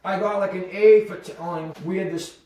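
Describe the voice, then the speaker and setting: Animated man telling a story in an echoey room. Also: sits high, moderate pace. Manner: animated, full of "like" fillers and voiced quotes. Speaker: podcast guest. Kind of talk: casual storytelling. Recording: echoey room, far from the mic.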